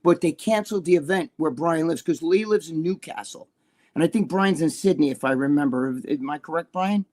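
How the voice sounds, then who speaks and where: A man's voice: on the high side, brisk, a little mellow. An older man chatting as a guest, rambling and profane with many restarts. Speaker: guest, bodybuilding columnist. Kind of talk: casual live chat.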